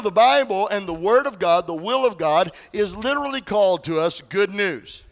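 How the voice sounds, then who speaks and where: A man's voice: high-pitched, expressive, moderate pace, hardly any pauses. A male pastor preaching a sermon in a conversational way, often asking the congregation questions.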